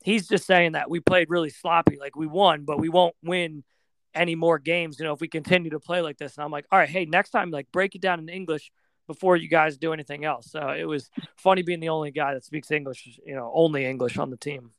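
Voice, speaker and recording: Young American man, podcast guest; relaxed, filler-heavy storytelling, clear smooth tone on a dry close mic. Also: on the high side, brisk, dry recording. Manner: relaxed, rambling, many fillers. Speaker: podcast guest, floorball player. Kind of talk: casual storytelling.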